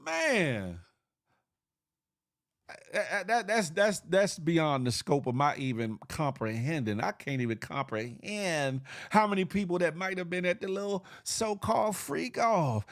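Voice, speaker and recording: A man's voice: a little slow, creaky, dry recording, studio quality. A man with a Southern US accent hosting a casual morning live stream, reading chat comments aloud and laughing often. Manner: animated, laughing, big pitch swings.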